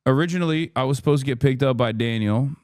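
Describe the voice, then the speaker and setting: A man's voice: mid-range voice, fast talker, a little mellow, dry recording, studio quality. A man in his thirties hosting a stream, giving casual reaction commentary as a profane, joking rant. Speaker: streamer host.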